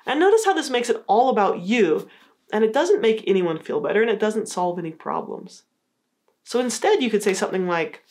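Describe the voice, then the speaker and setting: Woman explaining in a calm teaching voice. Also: mid-range voice, fast. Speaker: psychologist teaching a course. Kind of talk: scripted educational explainer.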